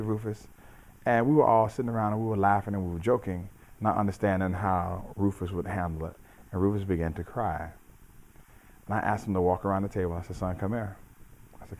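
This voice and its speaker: A middle-aged man with a fairly low voice speaks in a measured, preacherly way. He builds his points through repetition and steady emphasis, like a coach passing a lesson on to his listeners. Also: slight background noise. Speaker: judo coach and host. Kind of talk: reflective motivational talk.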